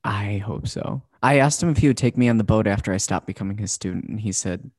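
A man co-hosting a relaxed podcast chat, telling stories with quick asides and frequent laughter, with a gravelly voice. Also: lowish voice, dry recording, clean studio sound. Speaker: podcast co-host. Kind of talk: casual chat.

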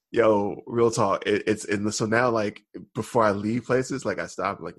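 A man's voice: on the low side, steady tone, measured pace, slightly rough, no room sound. A man co-hosting a podcast, telling a rambling story in casual chat with lots of fillers and laughter. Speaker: podcast co-host.

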